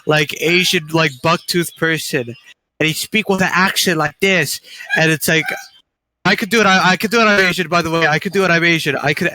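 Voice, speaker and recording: A young man in casual chat, halting and repeating words as he searches for his phrasing. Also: on the high side, pushed and bright, dry recording, poor audio.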